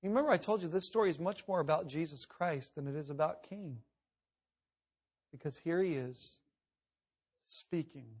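A middle-aged man preaching a sermon, swinging from loud emphatic reading to hushed, intense asides. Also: on the high side, moderate pace, pauses often, slightly rough. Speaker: pastor.

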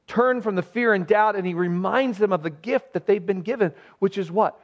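A man with a high voice delivers an expository sermon as pastor. He presses his points with emphasis and throws rhetorical questions at the congregation. The recording sounds dull and lo-fi. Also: normal speed.

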